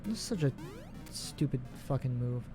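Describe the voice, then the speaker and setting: A man's voice: medium pitch, lively intonation, moderate pace, music in the background. Profane, rambling gamer man. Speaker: let's play host. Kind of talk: casual gameplay commentary.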